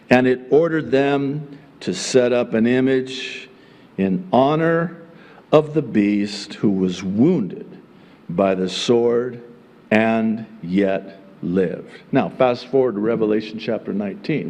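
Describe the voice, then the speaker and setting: A middle-aged male pastor preaching a sermon, moving between quiet teaching and loud emphatic exclamation, with folksy asides and chuckles. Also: mid-range voice, takes it slowly, big-room sound.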